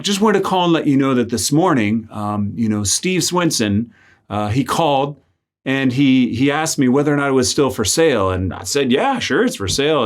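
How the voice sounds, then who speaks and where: A young man, a friar and priest, giving a spoken reflection in a conversational way, full of "like" fillers and acted-out quotes. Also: mid-range voice. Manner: conversational, many "like" fillers, acts out quoted voices. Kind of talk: spoken reflection with personal story.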